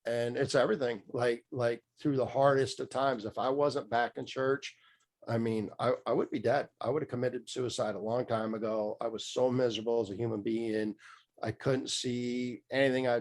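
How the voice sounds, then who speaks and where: A man's voice: medium pitch, steady tone, normal speed, a little mellow. A middle-aged man telling his story as a podcast guest, candid and rambling, with many fillers and restarts. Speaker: podcast guest, mindset coach. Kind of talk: casual storytelling interview.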